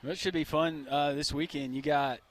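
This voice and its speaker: A man's voice: a little high, steady tone, normal speed. A married man co-hosting a sports radio show, joking and laughing easily in casual chat. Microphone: studio microphone.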